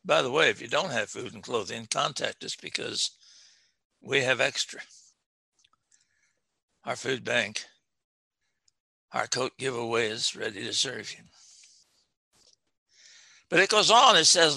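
A man preaching a sermon, reading scripture with slow, emphatic stress and talking to his congregation. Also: mid-range voice, animated, creaky, bright, forceful tone, breathy edge, no echo.

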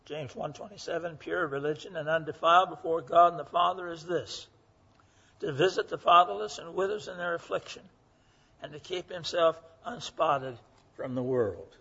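This is a man in his 80s with a fairly high, creaky, husky voice and a sharp tone, speaking at a moderate pace. He preaches an earnest, folksy sermon packed with stories and acts out quoted voices, captured on a muffled lo-fi recording.

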